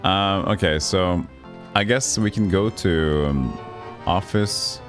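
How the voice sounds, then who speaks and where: Give me a low-voiced man casually streaming a game and reading its text aloud. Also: slow pace, soft background music. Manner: chatty, laughs at the jokes, reads narration aloud.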